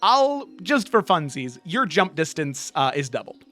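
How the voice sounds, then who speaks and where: A woman narrating as game master of a tabletop game, relaxed and full of ums. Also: sits low, unhurried, faint music behind. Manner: relaxed, lots of ums and likes.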